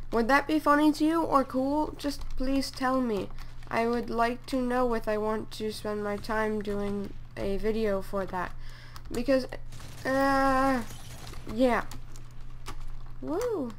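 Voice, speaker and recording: A woman giving casual gameplay commentary, excitable, exclaiming and grumbling at opponents as she plays. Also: a little high, measured pace, a little hiss or hum.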